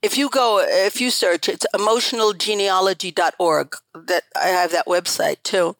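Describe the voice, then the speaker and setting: A woman's voice: mid-range voice, no room sound, poor audio. An older woman, a guest on an interview show, telling her family story in an earnest, emphatic way that repeats phrases for stress. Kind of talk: conversational storytelling.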